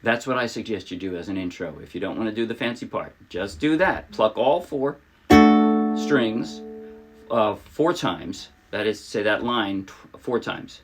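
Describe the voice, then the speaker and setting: A man talks through a relaxed ukulele lesson in a chatty, self-deprecating way. A ukulele rings out loudly around his voice as he demonstrates. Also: on the low side, unhurried, over loud music. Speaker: ukulele teacher. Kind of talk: casual tutorial talk. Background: ukulele playing.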